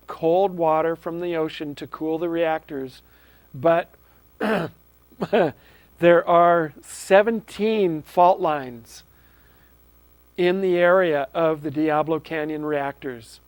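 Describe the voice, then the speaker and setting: Pria bersuara tinggi, berbicara sungguh-sungguh. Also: male voice, on the high side, fairly even intonation, slow, smooth, no echo. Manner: earnest, with frequent ums and restarts. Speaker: host of a local access TV show. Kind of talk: casual unscripted talk to camera.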